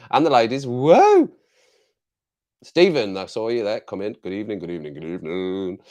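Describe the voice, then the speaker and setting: A man's voice: medium pitch, a little mellow. An English man hosting a casual live chat with viewers from his home desk, jokey and rambling, laughing often, on a clip-on mic. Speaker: livestream host.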